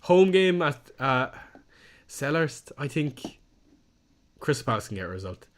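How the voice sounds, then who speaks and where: A man's voice: medium pitch, very animated, unhurried. A young man, casually chatting on a live stream, reading out viewer comments and poking fun at his own slip-ups. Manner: chatty, self-deprecating, reads chat aloud. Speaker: fantasy football streamer.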